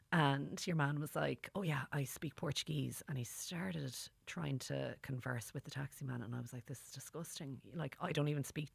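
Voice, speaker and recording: A woman's voice: rumbling low, gravelly, no echo, studio quality. A woman with a Dublin accent chatting as a podcast guest, giggly and full of stories. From Ireland. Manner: giggly, storytelling, quick asides. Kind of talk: casual chat.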